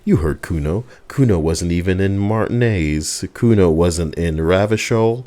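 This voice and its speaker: Man, let's play gamer, reads game text aloud, low-key drawl, very low voice, unhurried. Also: dark tone. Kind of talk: reading game dialogue aloud.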